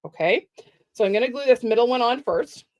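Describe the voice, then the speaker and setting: A middle-aged woman giving a chatty, step-by-step live craft tutorial with soft asides. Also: fairly high pitch, animated, brisk. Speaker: card-making demonstrator.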